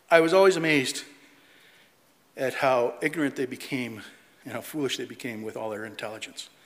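A middle-aged man preaching a sermon in an animated way, mocking opponents' voices and reading scripture aloud. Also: medium pitch. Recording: long hall reverb.

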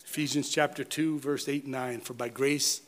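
A man preaching a sermon, rising to loud emphatic peaks and dropping to low, quiet words. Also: fairly even intonation, moderate pace. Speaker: pastor.

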